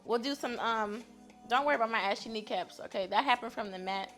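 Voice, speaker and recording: A woman's voice: on the high side, a little fast, faint music behind. Upbeat woman leading stretches. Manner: upbeat, chatty, laughs often, says "y'all". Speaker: fitness instructor. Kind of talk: guided stretching class.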